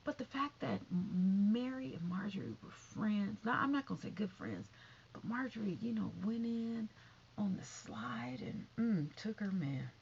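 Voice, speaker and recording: A woman's voice: medium pitch, animated, a little slow, creaky, darkish tone. A woman vlogger giving sassy casual commentary, calling listeners honey and baby. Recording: dull lo-fi recording with faint noise.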